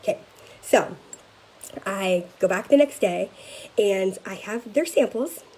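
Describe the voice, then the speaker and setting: A woman leading a sales team, giving an energetic motivational talk to camera and often checking in with a quick "okay?". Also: mid-range voice, low-quality recording. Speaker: direct-sales team leader.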